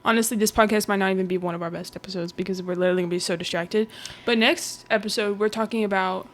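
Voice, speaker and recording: Young woman, podcast co-host, fast and jokey, mid-range voice. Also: mid-range voice, steady tone. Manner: quick, joking and outspoken. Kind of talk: casual chat. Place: home kitchen.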